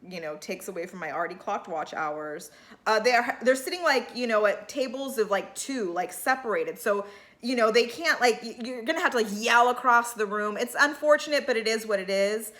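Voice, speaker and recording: A woman's voice: a little high, normal speed, fairly bright tone. A woman giving a casual, opinionated recap of a reality show in a chatty way, full of fillers.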